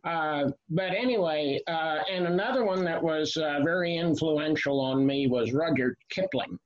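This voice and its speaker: A man in his seventies, an author guest, recalling his reading in a measured way with frequent "uh" pauses. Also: fairly high pitch. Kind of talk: casual interview chat. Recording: lo-fi, muffled sound.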